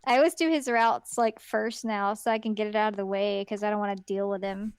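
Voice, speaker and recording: A woman's voice: medium pitch, steady tone, brisk, smooth, dry recording. A woman co-hosting a podcast in casual chat, talking in a chatty way and playfully acting out characters she quotes. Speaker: podcast co-host.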